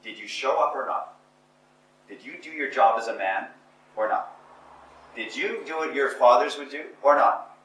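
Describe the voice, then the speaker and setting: A man giving a live motivational talk to an audience, emphatic and repetitive, building to forceful exhortation. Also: medium pitch, moderate pace, long pauses. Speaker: motivational speaker. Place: indoor conference or seminar room. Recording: echoey room, voice picked up from a distance with faint noise.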